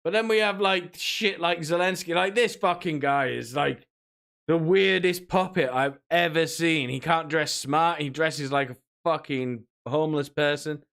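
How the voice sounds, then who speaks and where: A man's voice: on the high side, unhurried, creaky, a bit bright. A man streaming, rambling and mocking in a casual rant, often laughing between remarks. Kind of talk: casual ranting commentary.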